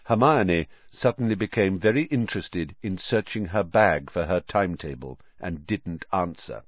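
A man narrating a children's fantasy audiobook in an expressive, animated reading. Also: deep voice, normal speed, no room sound, lo-fi sound. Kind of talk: scripted narration.

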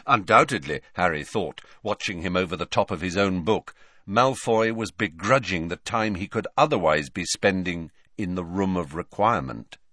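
A man reading an audiobook narration in a measured, expressive way, close to the mic. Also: deep voice, dry recording. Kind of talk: scripted narration.

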